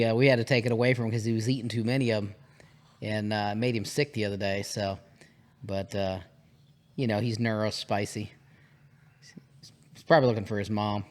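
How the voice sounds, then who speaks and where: A man's voice: mid-range voice, level tone, normal speed, pauses often. A man in his forties co-hosting a casual podcast, making laid-back, dry remarks and reading things out. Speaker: podcast co-host.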